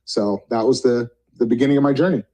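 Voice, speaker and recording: A man in his fifties with a mellow, relaxed tone, talking through a video call. He rambles and corrects himself, slipping into quick bits of dialogue as he tells his story. His pitch sits in an ordinary middle range. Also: poor audio. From Vermont. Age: 50s. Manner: rambling, self-correcting, acts out phone dialogue. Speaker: guest speaker.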